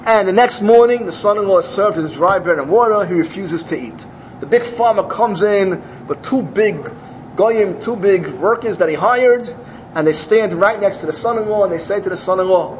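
High-voiced man telling a parable. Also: moderate pace, a little hiss or hum, rough recording. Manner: animated storytelling, acts out characters. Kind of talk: telling a parable in a religious talk.

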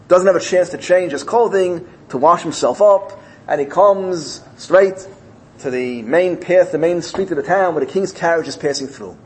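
A man's voice: on the high side, moderate pace, rough recording. A man giving a sermon, telling a parable and repeating phrases as he builds his point. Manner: storytelling, rising emotionally in places, repeating phrases. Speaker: rabbi.

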